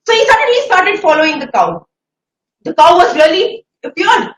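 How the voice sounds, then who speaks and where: A woman hosts a live online conference. Her voice is very high and swings up and down with energy. She sounds set back from the mic in a roomy, echoing space. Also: normal speed. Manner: energetic, addresses audience as ladies and gentlemen. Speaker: event host. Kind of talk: live-stream conference hosting. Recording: echoey room, distant mic.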